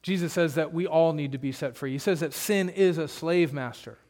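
Male pastor, higher voice, earnest sermon delivery with emphatic hushed drops. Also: moderate pace. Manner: earnest, emphatic preaching with sudden drops to a low hush. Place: church.

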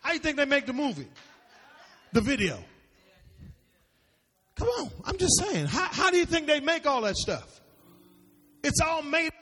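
A man preaching a sermon as pastor, calling out questions for the congregation to answer and sometimes shouting. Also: very high voice, big pitch swings, normal speed, pauses often. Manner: preachy call-and-response, rising to shouts. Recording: long reverb of a large hall.

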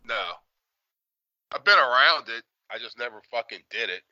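Podcast co-host, man in his 40s, very bright voice, swears freely, dry close mic. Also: mid-range voice, moderate pace, dry recording, highs cut off. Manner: profane, animated storytelling. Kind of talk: casual chat.

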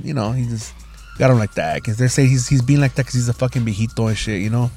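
A man's voice: mid-range voice, fast, mellow. Slangy man telling stories. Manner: profane slangy storytelling, acts out quotes. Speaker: podcast host. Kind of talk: casual chat.

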